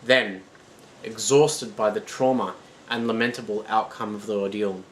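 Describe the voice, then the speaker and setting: A man's voice: fairly low pitch, fairly even intonation, normal speed, a little hiss or hum, rough recording. A man reading a dramatic retelling of a myth as a scripted narration.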